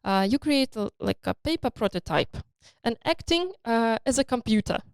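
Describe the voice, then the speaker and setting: Smooth-voiced woman founder, hesitant storytelling. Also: on the high side, moderate pace, no room sound, studio quality. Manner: hesitant, many fillers and restarts, animated storytelling. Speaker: startup founder and CEO. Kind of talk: casual interview conversation.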